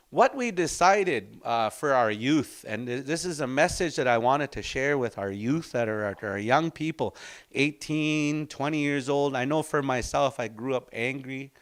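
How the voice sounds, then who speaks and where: A man teaching an informal language class in an unhurried, reflective, storytelling way. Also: medium pitch, fairly bright tone.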